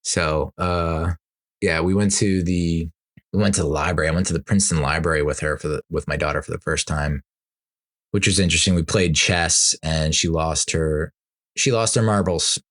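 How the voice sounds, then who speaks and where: A deep-voiced man chatting alone into a podcast mic, telling stories in a loose, rambling way. He laughs between sentences and breaks into exasperated asides. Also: fairly even intonation, moderate pace, fairly bright tone. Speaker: podcast host. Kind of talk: casual solo podcast chat.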